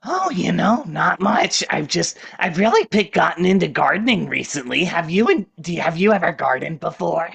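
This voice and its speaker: A friendly gardener chatting away in a cracked, breathy, gravelly voice that jumps all over, put on by a man. Improv comedy. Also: on the high side, big pitch swings, normal speed, hardly any pauses, a bit bright, heavily acted. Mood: chatty.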